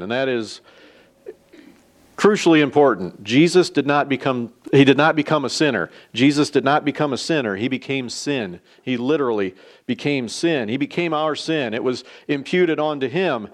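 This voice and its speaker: Brief: male Sunday school teacher, emphatic storytelling, mid pitch. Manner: emphatic, repeats key points. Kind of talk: sermon storytelling.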